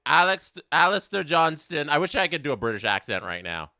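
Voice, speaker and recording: Brisk and on the high side, this young livestream host's voice comes through a dry, clean studio recording. He calls the match during a casual watch-along, chats with his audience, reads their messages aloud, and gets excited whenever a big play happens.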